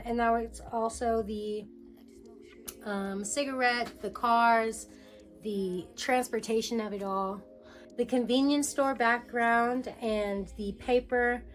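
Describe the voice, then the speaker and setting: Chatty young woman, somewhat high voice. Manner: chatty, filler-heavy, jumps into quoted voices. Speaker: musician explaining her album. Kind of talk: casual to-camera talk.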